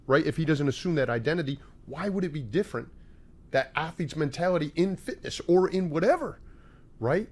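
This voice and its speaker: A middle-aged man, a fitness coach, talking earnestly as a guest in an interview. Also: on the high side. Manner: earnest, emphatic about mindset. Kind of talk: casual interview chat.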